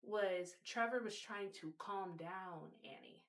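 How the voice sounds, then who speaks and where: A woman's voice: medium pitch, slow. A woman hosting a video, casually explaining a topic and telling a story, speaking directly to her viewers. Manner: warm direct address to viewers.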